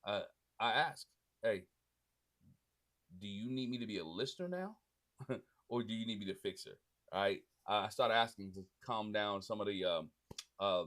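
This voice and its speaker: A man's voice: mid-range voice, a bit bright. Man giving casual marriage advice. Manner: conversational, frequent "right?" tags and restarts. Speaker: podcast host speaking to husbands. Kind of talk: casual faith-based advice talk.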